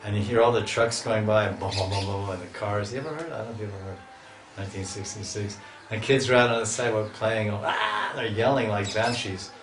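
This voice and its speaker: A man's voice: fairly low pitch, fairly even intonation, fairly quick, a bit bright, slight background noise. A man giving a scripture lecture as a swami, chatty and storytelling, often restarting his sentences. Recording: echoey hall, mic at a distance.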